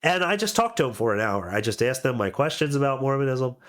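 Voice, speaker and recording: A man's voice: mid-range voice, very animated, quick pace, fairly bright tone. A man on cold medicine telling a rambling story on a podcast, with lots of fillers and restarts. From expat living abroad. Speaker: podcast co-host. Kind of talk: casual podcast chat.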